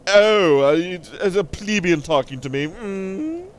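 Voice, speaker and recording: A man's voice: high-pitched, lively intonation, a little slow, clear, resonant tone. A man voicing a pompous, self-styled royal figure who talks down to commoners in a mock-aristocratic way. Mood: haughty.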